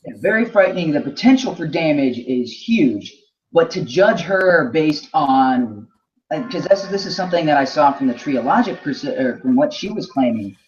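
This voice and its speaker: A man co-hosting a casual discussion, reasoning aloud in a measured way with frequent restarts. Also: on the high side, expressive. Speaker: podcast co-host. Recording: dull lo-fi sound.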